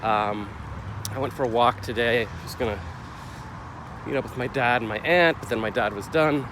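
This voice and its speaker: A middle-aged man records a casual confessional vlog, rambling, questioning himself and getting heated as he retells a clash. He speaks at a moderate pace in a mid-range voice, with street noise behind him.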